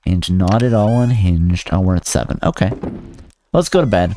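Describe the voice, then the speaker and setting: A man's voice: low-pitched, moderate pace, dark tone, a little hiss or hum. A man streaming a farming game, chatting to viewers in a goofy, rambling way with silly sing-song bits. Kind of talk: casual gameplay commentary.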